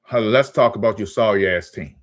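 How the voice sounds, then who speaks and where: A low-voiced man rants about sports on his own channel. He talks in a heated, profane way, stumbling and repeating words as his anger builds. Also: fairly quick. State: angry. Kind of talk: ranting sports commentary.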